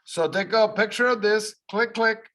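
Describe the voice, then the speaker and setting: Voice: mid-range voice, measured pace, a bit bright. An English teacher whose first language is Spanish, leading an ESL lesson and patiently repeating instructions and explaining step by step. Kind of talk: ESL lesson, reading aloud for repetition.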